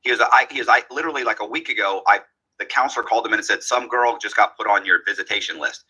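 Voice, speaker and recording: A man's voice: on the low side, racing, slightly rough, low-quality recording. A man telling a long story in a casual way, acting out the lines of the people in it. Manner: animated, acts out quoted dialogue.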